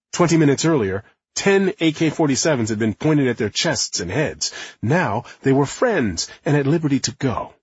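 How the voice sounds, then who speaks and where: Man, audiobook narration, expressive, very husky, dull dry sound. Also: medium pitch, no echo. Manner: lively, acting out quotes.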